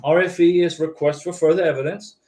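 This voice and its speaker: A man's slightly high, mellow voice keeps a steady tone and a somewhat fast pace as he hosts a live-stream visa advice chat. Working from a lit home YouTube studio, he answers viewers casually and reassuringly, often saying "okay?".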